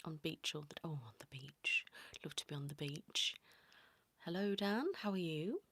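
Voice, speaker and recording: A woman hosting a whispered ASMR livestream, greeting viewers by name in a soft whisper. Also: low voice, normal speed, a little hiss or hum. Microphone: close sensitive mic.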